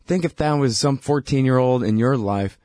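A man's voice: medium pitch, moderate pace, a little mellow, no room sound, clean studio sound. A male radio host giving blunt, heated political commentary in a conversational way, with frequent fillers.

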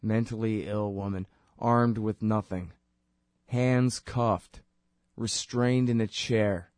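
A man's voice: on the low side, fairly even intonation, slow, darkish tone, no echo, clean studio sound. Sarcastic, fired-up male host. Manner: sarcastic and impassioned. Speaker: show host. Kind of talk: political commentary monologue.

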